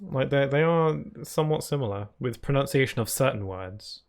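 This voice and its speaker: A man's voice: mid-range voice, lively intonation, moderate pace. A British man chatting casually while streaming a video game, laughing often and reading chat and on-screen text aloud. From United Kingdom.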